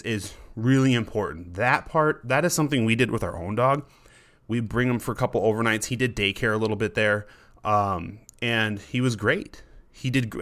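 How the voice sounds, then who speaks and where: A man's voice: mid-range voice, a bit bright. A man, a dog trainer, hosting a casual advice podcast in a conversational way, often restarting words and acting out what a dog might think. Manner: conversational, repeats himself, acts out the dog's thoughts in quotes.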